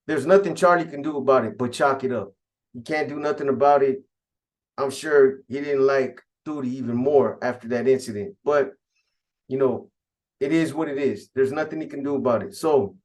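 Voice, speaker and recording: A man's voice: mid-range voice, moderate pace. A man casually recounting a prison gang story in profane street slang.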